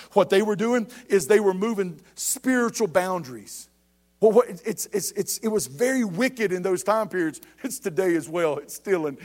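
Man, pastor, high voice, sermon, emphatic, stumbling restarts. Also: animated, normal speed. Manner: preaching, with repeated words and restarts, rising to emphatic calls.

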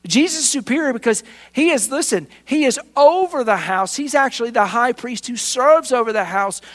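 Man, pastor, sermon, high-pitched voice, animated, repeats for emphasis. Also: moderate pace. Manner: animated preaching with retold dialogue and emphatic repetition.

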